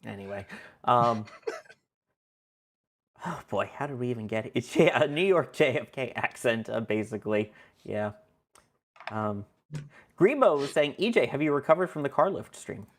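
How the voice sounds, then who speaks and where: A playful host on a casual podcast, reading out viewer comments and laughing often. The voice sits at an ordinary middle pitch. The delivery stays loose and easygoing throughout. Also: animated, unhurried, pauses often. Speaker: show host reading chat.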